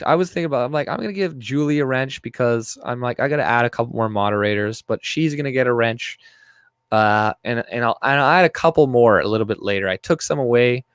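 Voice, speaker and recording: A man's voice: lowish voice, clean tone, no echo, studio quality. A young man hosting a live stream, ranting profanely and reading his chat aloud. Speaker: livestream host. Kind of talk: casual live-stream commentary.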